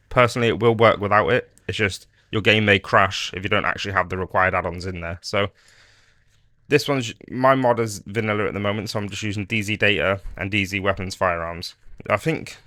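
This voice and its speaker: A man's voice: fairly low pitch, dry recording, clean studio sound. A man casually talking through a modding tutorial on his screen, rambling a bit, with fillers and restarts. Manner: relaxed, rambling explanation with frequent fillers and restarts. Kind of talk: screen-recorded software tutorial.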